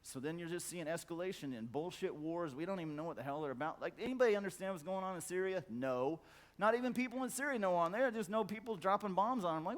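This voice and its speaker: A middle-aged man giving a profane conference talk, blunt and emphatic, stacking repeated words for effect. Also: a little fast. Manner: acts out quoted voices in a loud high squawk. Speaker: conference speaker. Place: conference hall.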